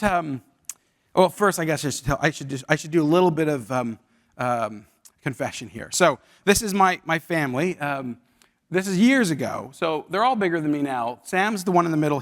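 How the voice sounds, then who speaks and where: A man in his forties presenting a leadership workshop, talking conversationally with the audience and telling stories. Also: a little high. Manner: conversational storytelling with audience questions. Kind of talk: live workshop talk. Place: university event hall.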